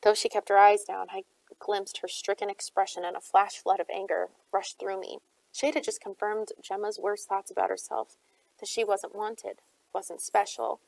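A woman's voice: mid-range voice, level tone, moderate pace, gravelly, a little mellow, no echo, rough recording. A woman reading a novel aloud, narrating steadily as an audiobook reader.

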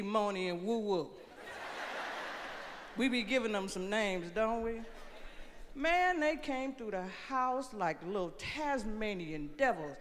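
An older woman doing a brash, profane stand-up set on a large theater stage. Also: fairly high pitch. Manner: brash, profane, animated storytelling. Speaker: stand-up comedian. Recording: long theater reverb, faint noise.

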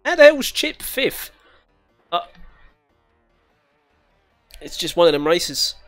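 A man's voice: high-pitched, sing-song, slow pace, a bit bright, soft background music. A young British man commentating casually while playing a racing game, chatty, swearing and giggling often. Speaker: gaming channel host. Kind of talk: casual let's-play commentary.

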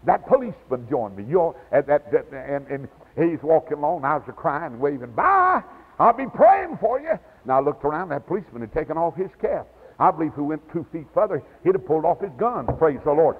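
An older evangelist with a husky, slightly high voice preaches a revival sermon in church. His storytelling falls to near whispers and then bursts into hollers. It sounds thin and tinny, like an old 1990s cassette. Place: church sanctuary.

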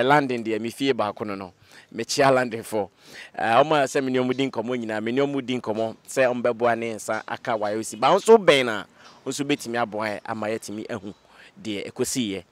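A man's voice: medium pitch, a bit bright, no room sound. Ghanaian male host asking questions. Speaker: host, interviewer. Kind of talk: interview questions and address to viewers. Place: outdoor location away from the studio.

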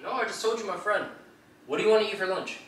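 A man's voice: sits high, fast, a bit bright. A young man insisting on his side and repeating himself in a casual argument with his girlfriend. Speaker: vlogger pulling a prank on his girlfriend. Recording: echoey room, voice from a distance.

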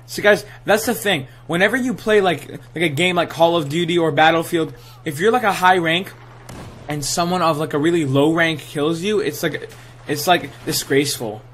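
A young man with a slightly high voice narrates his own gameplay live, hyped and trash-talking. He drops gamer slang constantly. A faint noise sits under the recording. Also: moderate pace, a bit bright. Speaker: gaming channel host.

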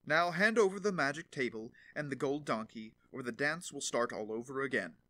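A man's voice: mid-range voice, normal speed, pushed and bright, dry recording, lightly acted. A man voicing a boastful young journeyman turner in a fairy tale reading. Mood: commanding. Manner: boastful, commanding.

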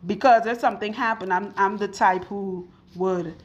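A young adult woman with a Trinidadian accent, chatting casually and loudly while working, telling stories and acting out what people said. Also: mid-range voice, normal speed, dull audio. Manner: loud, animated storytelling with quoted voices. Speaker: loctician and video host.

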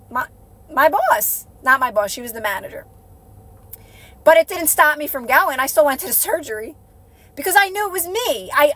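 A woman's voice: high-pitched, sharp tone. A woman coaching her viewers on a casual live stream, earnest and repetitive, often checking in with "right?". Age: adult with a child. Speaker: manifestation coach. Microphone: phone.

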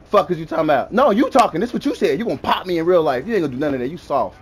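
A man's voice: fairly high pitch, lively intonation, racing, a little hiss or hum. A young man gaming and trash-talking an opponent over voice chat, taunting and mocking, repeating his insults over and over. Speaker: gamer.

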